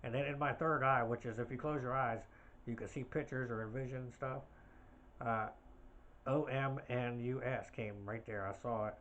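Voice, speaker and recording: A man's voice: mid-range voice, steady tone, normal speed, fairly bright tone, highs cut off, slight background noise. A man hosting a podcast, talking alone in a rambling, hesitant way with many fillers and restarts. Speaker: podcast host. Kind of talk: casual podcast monologue.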